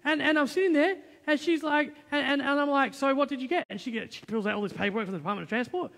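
A male pastor preaching a sermon, telling a personal story in a lively, conversational way with quoted dialogue. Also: very high voice, fast talker, vocal fry. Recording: long church hall reverb.

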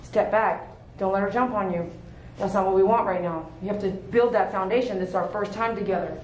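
In this clip, a woman dog groomer demonstrates puppy handling hands-on, speaking at medium pitch and a little fast. She's firm yet coaxing, using short repeated commands and praise. The room is echoey with faint background noise.

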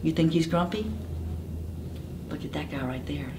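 A woman's voice: sits low, moderate pace, roomy sound, noisy background. A woman reading a picture book aloud to children, asking them questions as she goes. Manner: interactive, asks children questions. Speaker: storytime reader.

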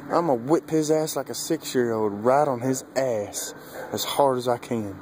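A young man vlogging outdoors with a handheld camera, rambling and cursing, laughing often and getting animated as he retells a story. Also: medium pitch, unhurried. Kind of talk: casual rambling vlog. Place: outdoors by a dog cage. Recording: noisy outdoor ambience.

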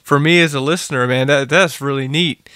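A man's voice: medium pitch, brisk, pushed and bright, clean tone, no room sound, clean studio sound. A man hosting an interview show, reacting to a guest's story with short, eager remarks. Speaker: host. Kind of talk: casual interview.

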